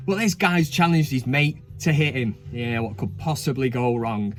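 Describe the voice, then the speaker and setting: A man's voice: medium pitch, normal speed, soft background music. A man hosting a casual comedic countdown, chatting cheekily with frequent swearing and asides. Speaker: host.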